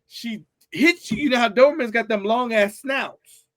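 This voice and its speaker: High-voiced man hosting a loose chat. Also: normal speed, no room sound, clean studio sound. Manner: animated storyteller, swears freely. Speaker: podcast host. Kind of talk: casual chat.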